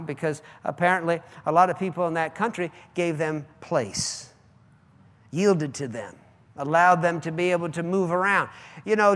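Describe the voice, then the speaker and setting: A man preaching a fiery sermon as pastor, swinging between loud, high outbursts and quieter asides. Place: church sanctuary. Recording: long church-hall reverb.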